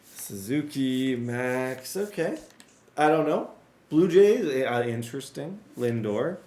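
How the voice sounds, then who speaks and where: Excitable male game commentator with a strained, cracking voice and mid pitch; roomy sound. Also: takes it slowly. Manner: excitable, talks to viewers, rattles off player names. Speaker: gaming YouTuber. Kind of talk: casual gameplay commentary.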